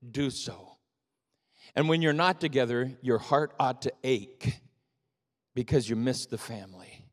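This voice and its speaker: An older man preaching a sermon as pastor, telling stories with animated emphasis. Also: medium pitch. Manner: animated storytelling, rising to emphatic peaks. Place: church sanctuary. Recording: long reverb of a church hall.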